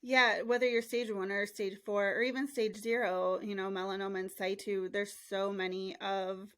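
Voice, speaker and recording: A woman's voice: medium pitch, flat delivery, moderate pace, dry recording. A woman hosting a podcast, speaking in a heartfelt, reflective way in casual interview chat. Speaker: podcast host.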